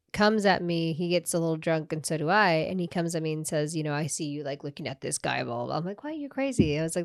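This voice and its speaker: Young female co-host, animated storyteller, low smooth voice, dry sound. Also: no echo. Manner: animated, swears, acts out quotes, laughs often. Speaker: podcast co-host. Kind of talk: casual storytelling chat.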